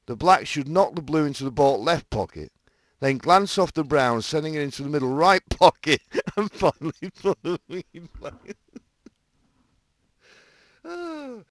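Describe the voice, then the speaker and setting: Male commentator, lively jokey read, dry booth sound, self-mocking asides between takes. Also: a little high, normal speed, no room sound. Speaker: snooker commentator recording lines. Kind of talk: jokey commentary voice-over session.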